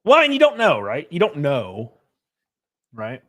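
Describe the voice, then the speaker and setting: A young man casually chatting on a livestream while reading chat. He is loose and profane, uses lots of fillers and suddenly jumps way up in pitch for jokes. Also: a little slow. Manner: animated, pitch jumps up sharply on bits.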